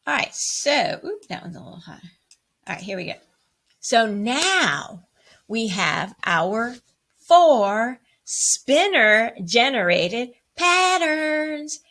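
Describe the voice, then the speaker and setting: A woman's voice: mid-range voice, big pitch swings, measured pace, creaky, pushed and bright, breathy edge. A woman teaching a music lesson to children, upbeat and encouraging as she counts rhythms aloud.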